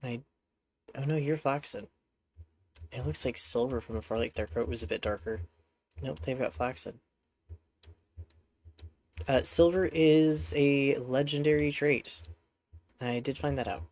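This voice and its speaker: Guy streaming a horse game, stuffy nose, just rambling and chatting to his horses, middle pitch. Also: measured pace, long pauses, darkish tone, dry recording. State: congested. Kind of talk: casual gameplay commentary.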